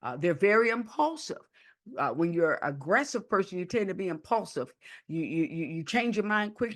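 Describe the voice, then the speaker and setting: Animated woman teaching on a podcast. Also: on the low side, moderate pace. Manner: animated, acts out rude people in a raised, whiny voice; repeats words and restarts often. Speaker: podcast host and counselor.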